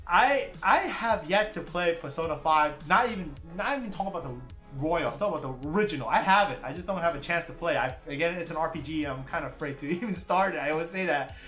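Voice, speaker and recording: A man hosts a relaxed livestream, reading viewer comments aloud and thanking people by name, laughing often as he goes. His voice sits in a roomy space with faint music playing underneath. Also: on the high side, fast talker, few pauses. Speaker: livestream host. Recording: roomy with stream music behind.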